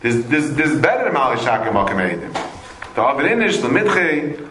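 Male Talmud teacher, mid-pitched, lecturing in a reverberant classroom with faint hiss; animated, repeats himself, drops in Aramaic phrases. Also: fast. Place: classroom with students. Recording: echoey room, faint noise.

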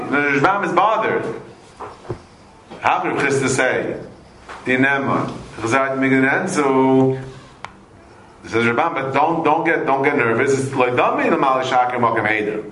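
A man teaching a Talmud class to students, animated and repetitive, mixing Aramaic and Hebrew terms into his English. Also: medium pitch, unhurried, long pauses. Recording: echoey room, faint noise.

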